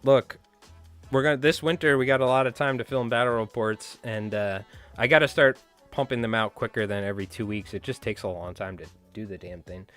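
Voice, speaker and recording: A man's voice: mid-range voice, fairly quick, a bit bright, soft background music. A man hosting a casual fly tying livestream who chats with viewers, rambles from one story to the next and swears freely.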